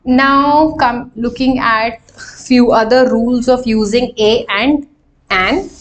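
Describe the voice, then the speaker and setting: A young woman with an Indian English accent teaching grammar in a live online class, explaining slowly and asking the class rhetorical questions. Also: a little high.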